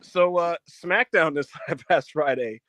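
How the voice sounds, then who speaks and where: A man co-hosting a wrestling podcast in casual chat, animated, often laughing and swearing freely. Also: on the high side, slow, dry recording. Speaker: podcast co-host.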